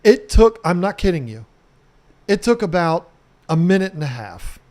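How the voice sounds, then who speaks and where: A middle-aged man telling a casual story to camera as a home restoration vlogger, animated, swearing casually and mimicking sounds. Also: high-pitched, normal speed.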